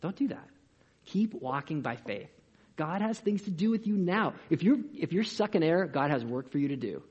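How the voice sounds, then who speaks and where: A man preaching a sermon as a pastor, in an energetic, conversational way with rhetorical questions, in a dull lo-fi recording. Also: on the high side, normal speed, slightly rough.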